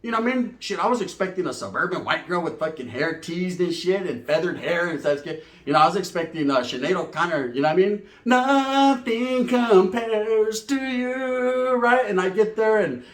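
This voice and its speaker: High-pitched man telling a rambling story. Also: expressive, quick pace, few pauses, echoey room. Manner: profane, rambling, acts out voices. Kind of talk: casual comic storytelling.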